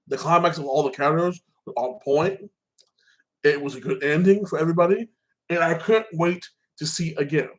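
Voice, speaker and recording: A man's voice: a little high, low-quality recording. A man giving a casual, rambling recap of a TV season, swearing freely and tagging phrases with "like that". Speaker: show reviewer.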